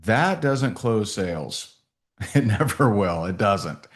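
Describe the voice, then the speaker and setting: A man's voice: lowish voice, lively intonation, slow. A man giving a sales training talk, telling stories and acting out both sides of phone calls.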